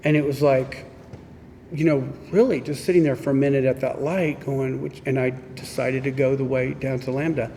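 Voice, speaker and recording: A man's voice: medium pitch, fairly even intonation, moderate pace, dark tone. A man from Missouri telling his recovery story at a meeting, candid and self-mocking, acting out old conversations as he goes. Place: meeting room. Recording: echoey hall with faint background noise.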